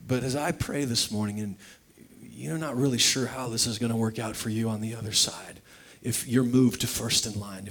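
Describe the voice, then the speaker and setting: A man's voice: mid-range voice, husky. A pastor preaching conversationally, making heartfelt appeals to his congregation. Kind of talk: sermon.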